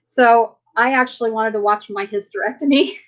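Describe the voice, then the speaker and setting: A woman's voice: fairly high pitch, fairly even intonation, moderate pace, low-quality recording. A woman hosting a casual live chat, rambling through personal stories and laughing often between sentences. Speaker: livestream host.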